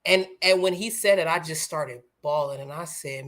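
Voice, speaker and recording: A woman hosting a casual discussion, telling stories with animated emphasis. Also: deep voice, normal speed, few pauses. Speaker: host.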